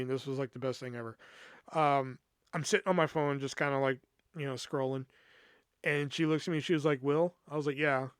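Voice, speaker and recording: A man's voice: a little high, fairly bright tone, clean tone, dry recording, studio quality. A man hosting a podcast, telling a story in a casual, exasperated way, swearing freely and acting out what his coworkers said. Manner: profane, exasperated, acts out quoted coworkers. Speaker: podcast host.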